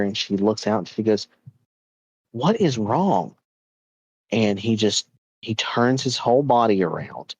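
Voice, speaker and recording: Low-voiced man telling a ghost story. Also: dry recording, poor audio. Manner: animated, chatty, uses filler words. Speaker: podcast host.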